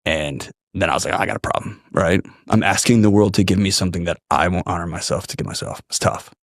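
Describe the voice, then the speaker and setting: A man with a drawl telling a personal story on a podcast in an earnest, animated way. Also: low voice, fast, vocal fry, no echo, clean studio sound. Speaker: podcast guest. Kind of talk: storytelling conversation.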